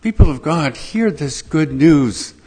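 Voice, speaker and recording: Slow husky male preacher. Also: fairly high pitch, expressive, warm tone. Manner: slow, emphatic preaching with dramatic pauses. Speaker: pastor. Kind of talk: sermon.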